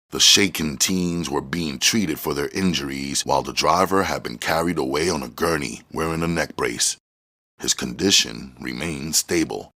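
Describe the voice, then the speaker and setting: A man reading a novel aloud as narrator in a steady, measured way. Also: extremely low pitch. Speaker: audiobook reader. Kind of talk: storybook reading.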